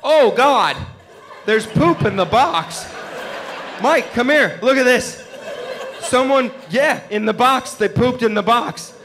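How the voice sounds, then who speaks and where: A man voicing a prissy, panicky female house cat in a stand-up bit, squealing high and loud. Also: animated, takes it slowly, background noise. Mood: horrified.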